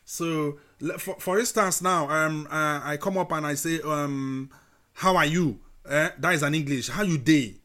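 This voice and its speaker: A man's voice: fairly high pitch, measured pace, bright, forceful tone. A man with a Nigerian accent, hosting a casual chat and mixing English with Pidgin, with many fillers and restarts. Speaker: host.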